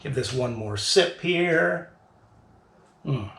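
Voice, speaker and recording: A man hosting a casual beer tasting review, talking in a playful, drawn-out way as he sips and describes flavors. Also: mid-range voice, expressive, creaky, fairly bright tone, roomy sound.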